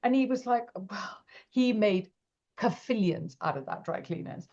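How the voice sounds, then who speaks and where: A woman, an interview guest, telling her story with animated energy and acting out the lines of people in it. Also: mid-range voice, a little slow. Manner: animated, acts out quoted dialogue. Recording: dull lo-fi audio.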